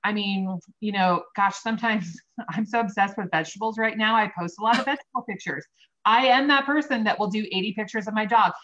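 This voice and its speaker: A woman's voice: mid-range voice, brisk, a bit bright, a little hiss or hum. Woman host giving friendly tips on a video call, audio a bit muffled. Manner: friendly, advising directly. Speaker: host, real estate coach. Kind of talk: casual interview chat.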